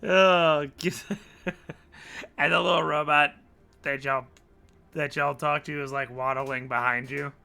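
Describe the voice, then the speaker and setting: A man narrating a tabletop game as game master, in a slow, unhurried delivery. His voice is very bright and crisp, and he often laughs between descriptions over a call mic. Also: fairly high pitch, steady tone. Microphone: remote call mic.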